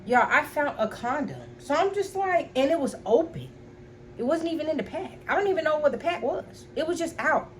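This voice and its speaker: A woman's voice: high-pitched, lively intonation, a little fast, a little hiss or hum. Chatty young woman telling a storytime. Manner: chatty, full of fillers, addresses viewers as y'all; blunt and profane. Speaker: storytime vlogger. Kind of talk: casual storytelling to viewers.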